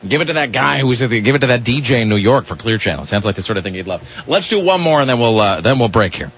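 Male radio host, sardonic rambling banter, husky voice, dull lo-fi broadcast sound. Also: medium pitch, expressive, fast, a bit bright. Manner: rambling, sardonic, with many restarts. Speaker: radio talk show host. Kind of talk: casual comic radio banter.

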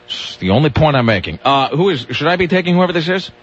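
A man's voice: a little high, big pitch swings, fast, a little hiss or hum. A man hosting a radio show, talking in a rambling way with restarts and grumpy rants. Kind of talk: casual radio banter. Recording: dull lo-fi radio broadcast.

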